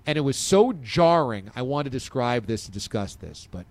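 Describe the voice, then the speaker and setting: A male host of a sports talk show, talking casually with a lively, swinging pitch. The sound is close and dry. His enthusiasm pushes his voice up high in places. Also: normal speed, no room sound.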